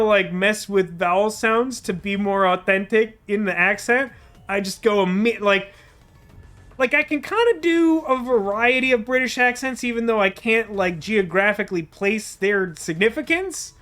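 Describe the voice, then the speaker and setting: A man's voice: high-pitched, bright, forceful tone. A man streaming a game, chatting casually and reading its dialogue aloud in a playful, self-deprecating way. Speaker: let's play streamer.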